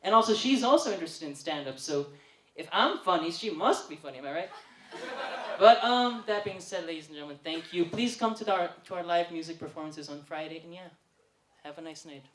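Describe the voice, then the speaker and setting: A young man doing stand-up comedy at an open mic, telling a chatty, animated story and often laughing through his lines. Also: on the high side, fairly quick, echoey room, slight background noise. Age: young adult. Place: open mic night venue.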